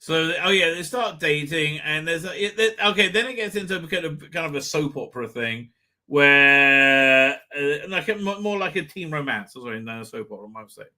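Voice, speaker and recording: Brash, bright-voiced man ranting profanely. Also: on the high side, lively intonation, normal speed. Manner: profane, digressive, exasperated rants with sudden shouts. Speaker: TV episode reviewer. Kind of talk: rambling off-the-cuff review monologue.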